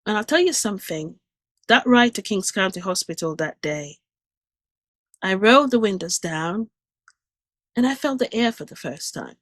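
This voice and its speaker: This woman's medium-pitched voice is expressive and a bit bright, moving at a normal speed with frequent pauses and no echo. As a guest speaker, she vividly and emotionally recounts nearly dying, restarting sentences when her feelings swell.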